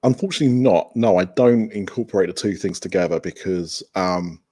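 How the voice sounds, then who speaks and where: A man's voice: sits low, brisk, dark tone, husky. A man guesting on a podcast over a video call, talking enthusiastically in a rambling way with restarts. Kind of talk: casual remote interview chat.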